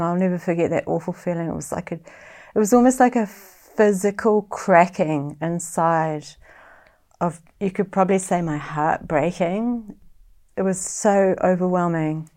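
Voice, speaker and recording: A middle-aged woman with a New Zealand accent speaks in a fairly low voice. She tells her own story as an interview guest, halting and reflective. Her delivery stays soft-spoken throughout. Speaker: guest sharing personal story.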